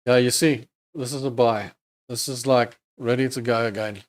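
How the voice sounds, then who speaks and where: A man's voice: medium pitch, steady tone, moderate pace. A man hosting a live trading stream, casually thinking aloud over charts and chatting with viewers. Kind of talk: live market commentary.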